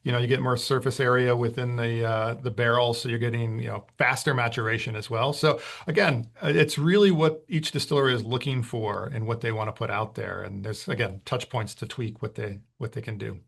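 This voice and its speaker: Guy w a gravelly voice explaining whisky stuff on a podcast, relaxed, lots of ums. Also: medium pitch, fairly quick, hardly any pauses. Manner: relaxed, explanatory, many fillers. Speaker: whisky brand ambassador. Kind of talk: conversational podcast interview.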